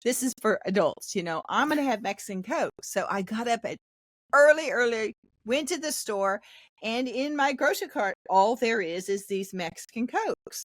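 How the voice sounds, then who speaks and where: A woman's voice: a little high, normal speed, dry recording, clean studio sound. An older woman pastor, a podcast guest, telling a faith testimony in a casual interview and animating the people in her story. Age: 60s. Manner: animated storyteller acting out quoted voices.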